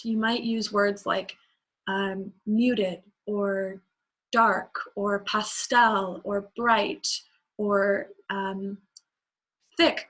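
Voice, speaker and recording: A woman voice teacher leading a singing class. She talks in a relaxed, conversational way with fillers and breaks into sung examples to show each sound. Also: mid-range voice.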